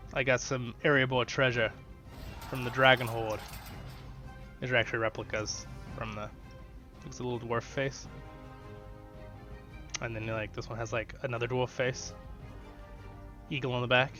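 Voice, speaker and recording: A man casually commentating his strategy gameplay, chatty and excitable, talking straight to his viewers. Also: mid-range voice. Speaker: gaming channel host. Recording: dull lo-fi sound with faint music.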